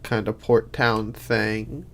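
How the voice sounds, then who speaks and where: A man's voice: on the low side, steady tone, takes it slowly, slight background noise. A sleepy man streaming a game in casual commentary, rambling and thinking aloud with many restarts. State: sleepy, yawning.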